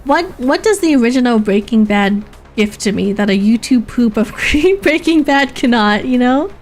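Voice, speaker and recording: Giggly streamer woman, bright-pitched voice. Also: expressive, normal speed, faint music behind. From Canada. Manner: giggly, laughs often, restarts mid-sentence. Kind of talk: casual gaming stream chat.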